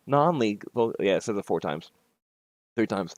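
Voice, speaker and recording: A man's voice: lowish voice, animated, moderate pace, darkish tone, dry recording. A man reading a game he made aloud, with casual asides and self-corrections. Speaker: game maker and narrator.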